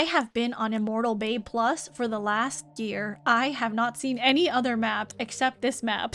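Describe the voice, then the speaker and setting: Reading chat and responding as she goes, this female streamer has a fairly high, slightly bright voice and a somewhat slow delivery with barely a pause. Her American accent carries a light New Zealand touch, and her casual rambling is packed with fillers like "um" and "like".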